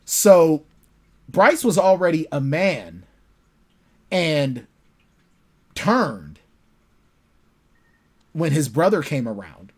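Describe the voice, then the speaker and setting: A man, an author guest in a casual interview, telling lively stories about his characters. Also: on the high side, drawn-out words, long pauses. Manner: animated storytelling, acts out his characters.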